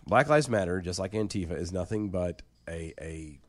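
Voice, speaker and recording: A man with a fairly low voice co-hosting a casual commentary show. He speaks bluntly and with firm opinions, often stammering and restarting his sentences. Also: a little slow. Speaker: co-host.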